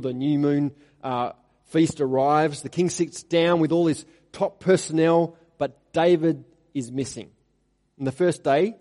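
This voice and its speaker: A man preaching an expository sermon, reading scripture aloud with rising emphasis and then dropping to quiet asides. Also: fairly high pitch. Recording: long hall reverb.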